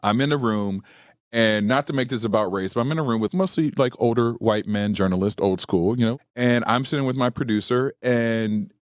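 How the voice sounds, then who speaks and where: A man, an entertainment journalist, telling an animated story on a podcast and acting out what people said. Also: mid-range voice, a little fast, no echo, studio quality. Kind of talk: storytelling anecdote in a podcast interview. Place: studio.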